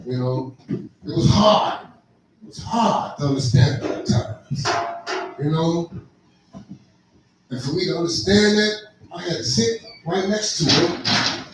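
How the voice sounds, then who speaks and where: A man doing a loose, rambling stand-up comedy set at a live venue. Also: high voice. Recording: echoey room, far mic, audible noise.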